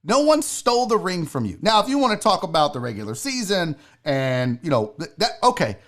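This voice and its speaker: A man's voice: fairly high pitch, very animated, brisk. Guy ranting on his solo sports show, swears a lot, voice jumps all over. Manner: loud, mocking, profane ranting. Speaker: sports talk host.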